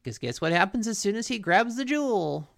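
A young woman chats casually as a podcast co-host, retelling a cartoon plot with quoted voices. Her pitch moves a lot and her voice carries a gravelly fry. The sound is dry and close. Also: brisk, no room sound. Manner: animated storytelling with quoted voices. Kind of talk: casual chat recapping a cartoon.

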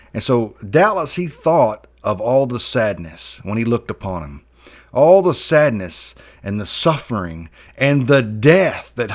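A man preaching a Bible sermon fervently, voice rising and dropping sharply for emphasis. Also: mid-range voice.

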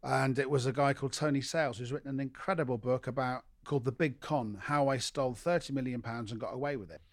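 A man, a comedian telling stories in a relaxed, dry, self-deprecating way during a podcast chat. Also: medium pitch, quick pace, no echo. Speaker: comedian guest.

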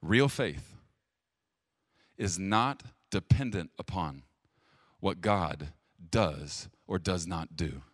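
A man's voice: expressive, slow, pauses often, dry recording. Pastor guy preaching, emphatic, big swings up and down, dry close sound. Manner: emphatic, swinging from loud stresses to hushed low lines; direct, plain-spoken address to viewers. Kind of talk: sermon.

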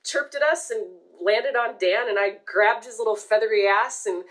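A woman telling a long personal story in casual podcast chat, animated and swearing casually. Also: fairly high pitch, moderate pace, rough recording.

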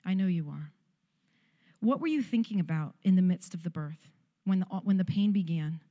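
A woman voicing God as a calm, gentle male divine presence, speaking softly and lower than she usually does. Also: normal speed, in a large hall, highs cut off, close to an everyday voice.

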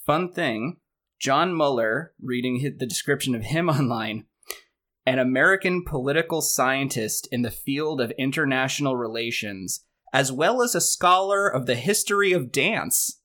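A man's voice: mid-range voice, animated, normal speed, bright, forceful tone. A man hosting a casual podcast chat about an old movie, leading the talk and recapping the plot with wry asides. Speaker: podcast host.

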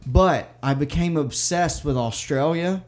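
A man with a Southern US accent chatting casually and bantering on a podcast. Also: a little high. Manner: joking, quick banter. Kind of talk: casual chat.

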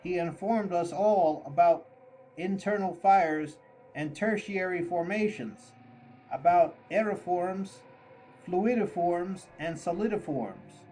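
A man reading a classic story aloud as an audiobook narrator, slow and deliberate. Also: sits high, darkish tone, slight background noise, rough recording. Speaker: audiobook reader. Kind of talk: scripted narration.

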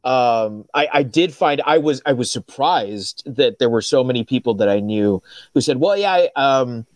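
A man's voice: medium pitch, moderate pace, dry recording. A man in a casual chat, hesitant and agreeable, stumbling over his words.

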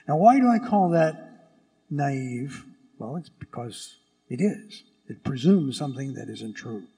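A man who is a priest preaching a sermon in a church. He speaks emphatically, asking rhetorical questions and stressing words slowly. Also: medium pitch, animated, mellow. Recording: long church reverb.

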